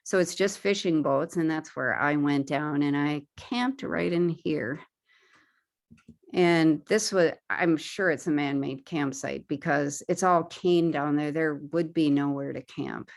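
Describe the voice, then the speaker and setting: Low-voiced woman giving a casual slideshow talk. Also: unhurried. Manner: chatty, with frequent fillers and restarts while pointing at pictures. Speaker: guest speaker at a paddling club.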